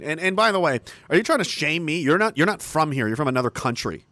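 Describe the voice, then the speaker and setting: A man's voice: on the high side, lively intonation, fast talker, few pauses, bright, forceful tone. A middle-aged Canadian man delivering a combative, profane, mocking monologue. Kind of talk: ranting monologue.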